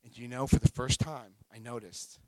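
A middle-aged man sharing his recovery story at a meeting, telling it in an emotional, animated way. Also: medium pitch, normal speed, poor audio.

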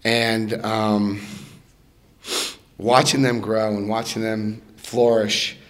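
An older man giving a personal recovery testimony to a group, an animated storyteller who laughs often and acts out the voices in his story. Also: fairly low pitch, slow pace. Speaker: recovery meeting speaker.

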